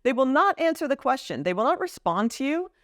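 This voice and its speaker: A woman's voice: sits high, very animated, brisk, no echo, studio quality. A woman vlogger casually explaining etiquette, now and then acting out short example lines.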